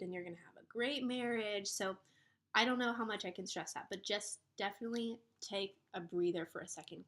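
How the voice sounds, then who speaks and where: A woman's voice: medium pitch, a bit bright, a little hiss or hum. A young woman in her twenties speaks straight to her viewers in a casual vlog. She is earnest and encouraging, and her talk is full of fillers and restarts. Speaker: vlogger giving relationship advice.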